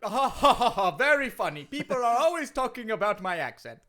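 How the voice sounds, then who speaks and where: A man's voice: very high-pitched, big pitch swings, a little fast, sharp tone, voice pushed up, heavily acted. A man doing a put-on Jamaican accent as a cocky male pro wrestler who ends lines with "man". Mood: breezy.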